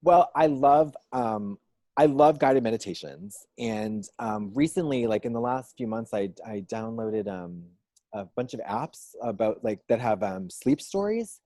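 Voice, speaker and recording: A man's voice: mid-range voice, expressive, a little slow, warm tone, no echo. A man in a casual interview, rambling with lots of fillers and restarts and making dry jokes. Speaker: drag performer and musician, guest.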